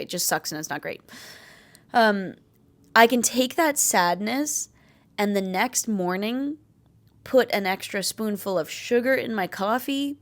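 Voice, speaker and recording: Young adult woman, vlogger; candid, blunt, profane, emphatic delivery. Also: mid-range voice. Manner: blunt, swears freely, emphatic. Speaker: vlogger sharing chronic illness tips. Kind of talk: candid talking-to-camera advice.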